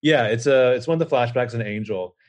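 A man co-hosting a podcast over a remote call, animated and quick to jump into side notes and trivia. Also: medium pitch. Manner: animated, jumping into tangents and trivia. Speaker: podcast co-host. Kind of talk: casual chat. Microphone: remote call setup.

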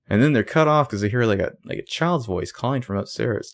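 A man's voice: on the low side, animated, moderate pace, gravelly, hardly any pauses. Chatty sarcastic man recapping a show. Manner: chatty, sarcastic, acts out quoted lines. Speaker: podcast co-host recapping a TV episode. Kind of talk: casual chat.

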